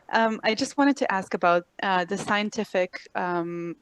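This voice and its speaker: Excited, giggly woman on a call. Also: medium pitch, poor audio. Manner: excited, giggly, halting fillers. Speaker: audience questioner. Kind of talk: asking a question on a video call. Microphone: video call.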